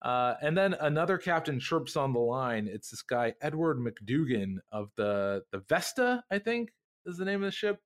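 A man's voice: medium pitch, sing-song, normal speed. A man hosting a casual podcast, animatedly retelling a TV episode and acting out the characters' lines. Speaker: podcast host. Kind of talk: casual recap chat.

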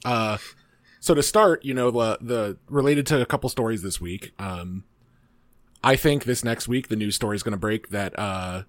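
A man co-hosting a podcast, joking deadpan with hesitant fillers. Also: lowish voice, normal speed, no echo. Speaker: podcast co-host. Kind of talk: casual chat.

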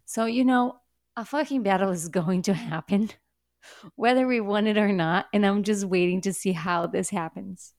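A woman's voice: mid-range voice, moderate pace, a little mellow, no room sound, clean studio sound. A woman co-hosting a podcast, reacting emotionally and chatting casually about a TV episode. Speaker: podcast co-host. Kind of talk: casual recap chat.

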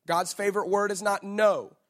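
A pastor in his thirties delivers a sermon with a bright, high-pitched voice. He is playful and teasing, talking straight to the crowd and joking with them. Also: fairly even intonation, moderate pace.

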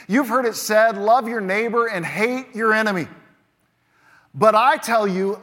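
A higher-pitched man preaches from the pulpit, leaning hard into key words and then dropping to a hush. His voice rings out through the long reverb of a large church hall. Each point lands with insistent emphasis. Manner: emphatic, swings between loud punches and quiet drops. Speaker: pastor. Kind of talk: sermon.

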